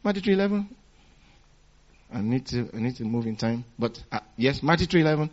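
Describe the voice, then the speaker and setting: In dull-sounding audio, a medium-pitched man preaches animatedly and fairly quickly. His sermon uses call-and-response and repeated phrases, swinging from loud exhortation to quiet instruction.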